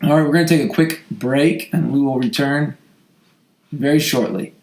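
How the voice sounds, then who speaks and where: A man with a slightly hoarse voice, a football coach hosting a podcast, answering questions in an earnest, heartfelt way with frequent restarts. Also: mid-range voice, moderate pace, darkish tone, slight background noise. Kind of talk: casual podcast talk answering listener questions. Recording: roomy echo.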